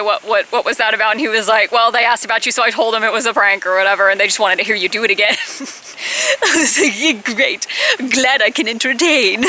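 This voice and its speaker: Woman, 20s, chatty storytime vlogger, bright and sharp tone, faint background hum. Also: rough recording. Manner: chatty, jumps into high-pitched quoted exclamations. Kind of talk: casual storytime.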